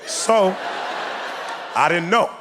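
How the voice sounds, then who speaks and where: A young man doing a stand-up comedy routine, telling a story with animated delivery and acted-out voices on a club stage. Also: sits high, drawn-out words, music in the background. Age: 20s.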